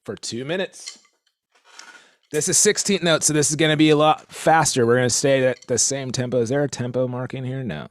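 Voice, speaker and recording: A man's voice: medium pitch, fairly quick. A man hosting a live drum workout stream, counting off exercises and coaching casually. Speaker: drum instructor and stream host. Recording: loud drumming in the background.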